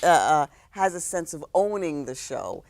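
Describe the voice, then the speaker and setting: A woman in her sixties from New York City, a guest telling stories in a relaxed interview, reflective, with many fillers and restarts. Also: low voice, moderate pace. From New York City, South Bronx. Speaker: guest, actress.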